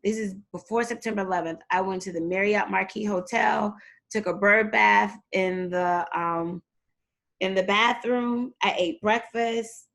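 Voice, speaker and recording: A middle-aged woman telling a long personal story in a relaxed interview. She talks in an animated way and jumps into other people's voices as she quotes them, at a middle pitch for a woman. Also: measured pace, vocal fry. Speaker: guest, performer and fitness trainer.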